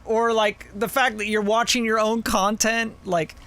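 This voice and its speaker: Quote bit: man doing a high, gushing young woman friend, amused. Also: flat delivery, a little slow, sharp tone, clear, resonant tone.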